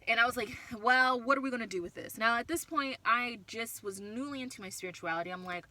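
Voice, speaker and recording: A woman's voice: on the high side, fast talker, hardly any pauses, sharp tone, low-quality recording. A tired young woman vlogging from a car, talking openly and rambling, often stopping and restarting her sentences. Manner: open, rambling, self-interrupting. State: tired from no sleep. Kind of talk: candid personal talk.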